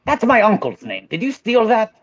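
A man's voice: high voice, huge pitch swings, normal speed, lo-fi sound. A man co-hosting a comedy talk show, asking mock-indignant questions over a video call.

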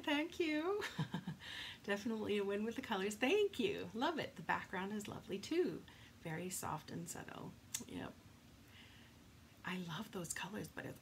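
A woman's voice: medium pitch, gravelly, background noise. Chatty woman hosting a live craft demo. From Canada. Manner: chatty, laughs often, reads out viewer comments. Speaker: craft demonstrator.

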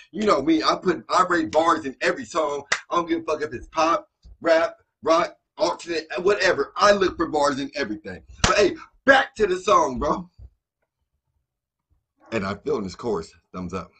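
A man hosting a music reaction video, talking casually and excitedly, often breaking into exclamations while a song plays. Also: on the high side, normal speed, noisy background. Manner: excitable, exclaims and interjects over the track. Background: song playing faintly.

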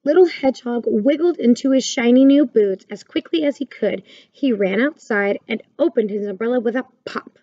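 A woman reading a children's picture book aloud in a gentle, clear storytelling manner. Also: fairly high pitch, normal speed, no room sound, muffled recording.

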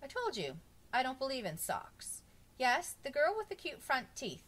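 Woman reading as a proud, easygoing homeless man, storybook, lively and matter-of-fact. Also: high voice, moderate pace, slightly rough, pitched above the performer's own voice, heavily acted. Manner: matter-of-fact, bursts into shouting. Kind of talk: storybook read-aloud.

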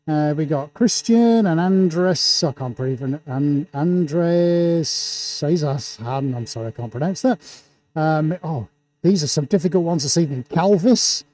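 A man hosting a live painting stream in an indoor studio, talking through a face mask and calling out viewer shout-outs with showman-like excitement. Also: a little high. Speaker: livestream host and painter.

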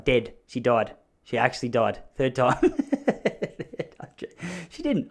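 A man in his thirties talks alone into his podcast mic, rambling from thought to thought. He jokes and pokes fun at himself. His voice sits at an ordinary middle pitch. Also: fairly quick. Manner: rambling, self-mocking, jokey asides. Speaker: podcast host. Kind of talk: solo podcast monologue.

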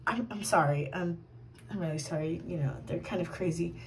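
A woman's voice: on the low side, a little fast, pitched below the performer's own voice, close to an everyday voice. A woman voicing a nervous young man who stammers and keeps apologizing.

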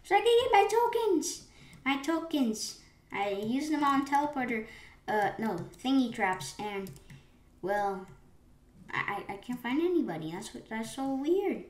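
A woman commenting live on her gameplay, excitable, with sudden gasps and rambling restarts. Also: on the high side, measured pace. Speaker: gaming channel host. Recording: roomy echo with faint keyboard clicks.

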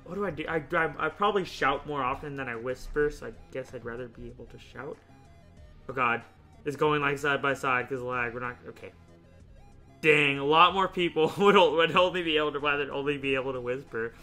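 A young man hosting a casual gaming video, chatting and thinking out loud, often laughing as he rambles through choices. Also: medium pitch, fairly quick, soft background music. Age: young adult. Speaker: YouTube host playing a choice game.

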